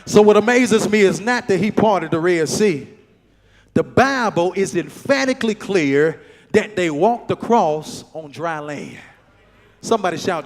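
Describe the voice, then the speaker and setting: A man preaching a sermon as pastor, repeating phrases and calling on the congregation to answer, building up to shouts. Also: high-pitched. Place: church sanctuary. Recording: church hall reverb with faint music.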